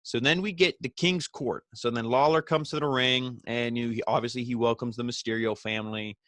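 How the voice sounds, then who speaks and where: A man talks through a wrestling episode in a loose, rambling recap, leaning on filler phrases and dropping casual swears. His voice sits at an ordinary middle pitch. The recording is close and dry, with no room sound. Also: steady tone, a little fast, a bit bright, dry recording. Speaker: wrestling show reviewer.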